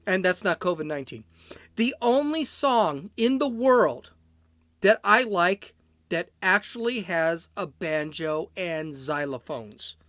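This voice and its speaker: A man's voice: high voice, animated, slow, a bit bright, dry recording, clean studio sound. A middle-aged man from Chicago hosting his own solo podcast, rambling, blunt and opinionated, often breaking off mid-sentence. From Chicago, USA. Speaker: podcast host.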